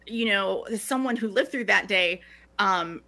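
Bright-voiced middle-aged woman, earnest and halting. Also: mid-range voice. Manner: earnest, restarting phrases often. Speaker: guest. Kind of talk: reflective podcast conversation.

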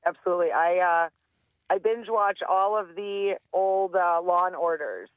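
A woman's voice: on the low side, normal speed, no echo. A young adult woman, a radio show guest, chatting casually over the phone in an upbeat way and laughing easily. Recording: tinny phone line.

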